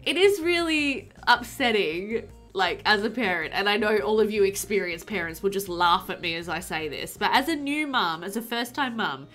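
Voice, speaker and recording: A young woman, a game streamer and new mum, chats casually on a livestream, giggly and full of fillers like "like" and "um." She reads chat aloud in a medium-pitched, slightly bright voice.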